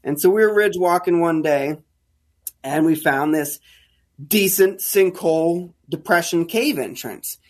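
Storytelling man, slightly high voice. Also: measured pace. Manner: animated, acts out quoted dialogue. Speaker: guest, caver. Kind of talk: casual storytelling.

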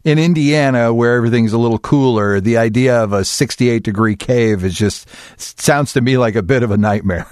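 A man hosting a casual interview, asking questions in a relaxed, curious way. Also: medium pitch, brisk, no room sound, studio quality. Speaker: podcast host.

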